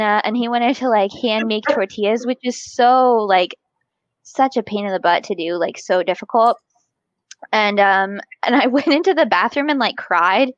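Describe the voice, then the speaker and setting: A chatty woman guest with a fairly high voice tells her side in a loose, rambling way, laughing often. The sound is dry and a little dull, as on a video call. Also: no room sound. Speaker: podcast guest. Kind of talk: casual chat.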